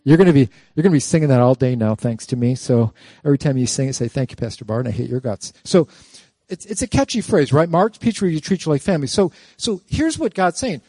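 Preaching as a pastor, this man keeps things lively, peppering his congregation with rhetorical questions and breaking into playful jokes. He talks fast in a mid-range voice, recorded with no room sound.

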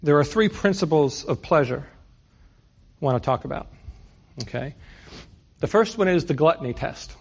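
A man's voice: fairly high pitch, expressive, moderate pace, pauses often, slightly rough. A middle-aged man from New York City preaching a conversational sermon, often putting rhetorical questions to his listeners. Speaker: pastor.

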